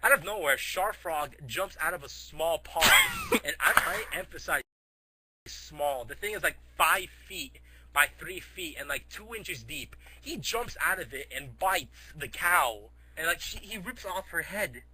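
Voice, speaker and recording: An excitable man rattles off a rambling, absurd tale, stringing scenes together with endless fillers. His voice is very bright and sharp, and sits a little high for a man. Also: measured pace, a little hiss or hum, low-quality recording. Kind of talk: rambling comic storytelling.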